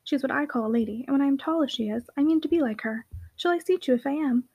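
A woman voicing a lively, charming little girl who chatters eagerly in a storybook reading. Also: high-pitched, fast, muffled recording.

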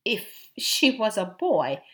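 A woman's voice: mid-range voice, normal speed, fairly bright tone, natural voice. A woman reading an audiobook, voicing a grave, courteous adult king with formal, old-fashioned speech. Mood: stern.

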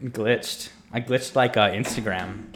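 A man co-hosting a podcast, retelling reality show moments in a lively way and acting out quotes. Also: on the low side, unhurried, over music. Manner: animated storyteller, acts out quotes in raised voices. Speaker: podcast co-host. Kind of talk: casual chat recapping a reality show.

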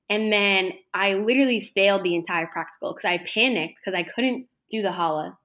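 A woman's voice: on the low side, normal speed, fairly bright tone. A young woman talking casually in an interview, chatty, with lots of fillers. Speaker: interview guest, culinary school graduate.

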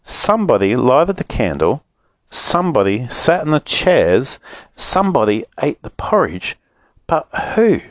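A fussy, worried little storybook fellow, put on by a male reader, fretting in a lively, up-and-down voice. Close and dry sound. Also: mid-range voice, unhurried, dry recording, pitched above the performer's own voice. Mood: puzzled. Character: anxious round-faced fairy-tale man.

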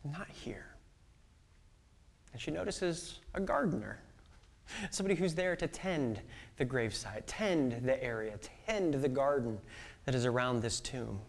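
A male pastor preaching a sermon, telling a story with quoted voices and swinging between loud outbursts and hushed whispers. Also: mid-range voice, gravelly.

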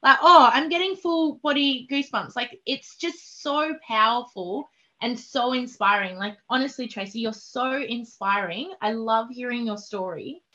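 A woman host with a high, bright voice speaks with effusive, encouraging enthusiasm. The recording sounds slightly dull and lo-fi. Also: a little slow. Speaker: podcast host, self-love practitioner. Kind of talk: warm interview chat.

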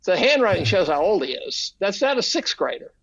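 An older man, appearing as a podcast guest, tells casual stories in a high, brisk voice on a muffled recording. He's animated and swears freely, acting out the quotes as he goes.

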